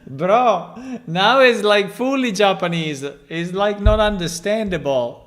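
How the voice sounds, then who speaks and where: A man's voice: high voice, slow, fairly bright tone. A man, a game developer, giving casual live-stream commentary and thinking aloud as he tests and reacts to recorded game lines.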